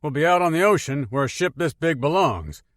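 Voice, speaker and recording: Brash big Marine sergeant, loud and gruff, as a male narrator puts him on, dry sound. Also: a little high, big pitch swings, brisk, no echo, pitched above the performer's own voice. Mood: cocky. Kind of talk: audiobook character voice.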